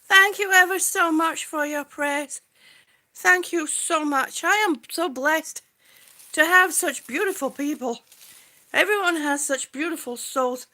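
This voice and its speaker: Lady walking round her house on a live stream, real high bright voice, slow, kinda out of breath, calls everyone sweetie. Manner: warm, greets viewers by name, calls them sweetie. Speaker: vlogger on a livestream. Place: indoors at home. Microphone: phone on a gimbal held while walking.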